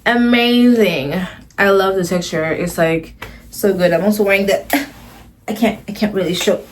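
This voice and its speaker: A woman's voice: medium pitch, steady tone, normal speed, a little hiss or hum. A woman vlogger telling a casual storytime to the camera, gushing and rambling, often restarting her phrases.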